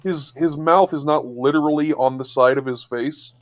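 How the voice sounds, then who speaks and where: A man co-hosting a casual podcast chat, picking apart details with frequent pauses and restarts. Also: a little high. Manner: hesitant and analytical, with frequent fillers and restarts. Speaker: podcast co-host.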